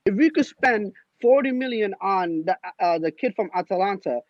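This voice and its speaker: A man's voice: high voice, lively intonation, normal speed, dry recording. Give me an exasperated man ranting as a guest, heard over dull lo-fi call audio. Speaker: guest panelist. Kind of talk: passionate fan rant.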